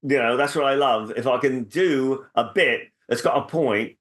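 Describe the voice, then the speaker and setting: Brief: man, comedian co-host, mid-pitched, animated riffing, casual chat. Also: normal speed. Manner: animated, restarts and riffs on bits.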